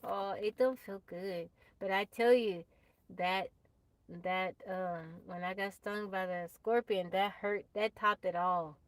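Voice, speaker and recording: A woman's voice: mid-range voice, fairly even intonation, slow pace, no room sound, rough recording. A woman chatting casually on a live stream, laughing often and talking straight to her viewers. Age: adult, mother of a child. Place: tiny house off the grid.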